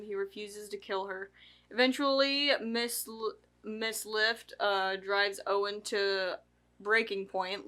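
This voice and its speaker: Bright woman reading a plot summary. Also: mid-range voice. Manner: halting, stumbling over words. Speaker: podcast co-host.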